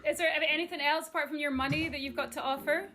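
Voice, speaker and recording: Sassy young woman over loud music. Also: high voice, fairly even intonation, rapid-fire. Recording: loud music bed behind the voice.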